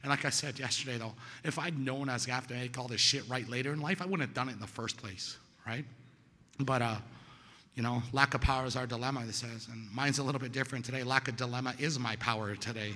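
At a recovery meeting, a man tells his personal story in a relaxed, conversational way, talking fast with fairly even intonation. He often checks in with "right?" and acts out the voices of people he quotes, getting louder and higher. The recording has hall reverb.

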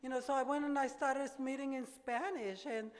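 A woman's voice: sits high, steady tone. Older woman sharing her story in a hall. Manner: earnest, halting, repeats words as she gathers her thoughts. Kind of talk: personal testimony at a recovery meeting. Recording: reverberant hall.

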